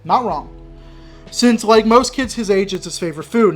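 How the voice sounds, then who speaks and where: A man's voice: very high voice, a little slow, creaky, faint music behind. A man hosting an advice channel, reading an online story aloud and reacting with blunt, exasperated commentary. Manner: exasperated, blunt, breaks into frustrated rants.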